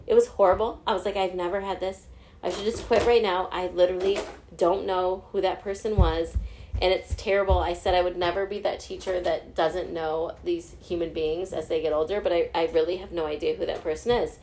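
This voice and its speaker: A woman's voice: on the low side, brisk, a little hiss or hum. A woman in her forties, a podcast co-host and teacher, telling a story in casual chat, swearing freely and acting out what people said. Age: 40s. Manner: animated storyteller, swears freely, acts out quotes.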